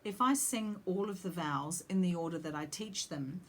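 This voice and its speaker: A woman's voice: lowish voice, normal speed, a little hiss or hum. A woman singing teacher explaining vowel shapes, breaking off to sing short demonstration vowels. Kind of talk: vocal lesson with sung demonstrations.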